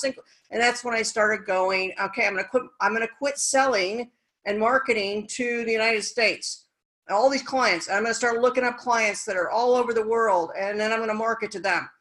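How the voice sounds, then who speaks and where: A woman tells her story on an interview show with real energy, acting out the lines she quotes from other people. Her voice is bright and forward, with an easy, conversational flow. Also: fairly high pitch, moderate pace, poor audio. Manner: energetic, animated, acts out quoted dialogue. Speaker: guest, speaker and business coach.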